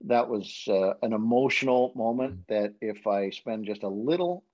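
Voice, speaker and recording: A man's voice: lowish voice, moderate pace, a little mellow. A man, a hockey broadcaster, telling rambling anecdotes in casual podcast chat, with lots of fillers and restarts. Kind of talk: casual storytelling. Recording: dull lo-fi sound.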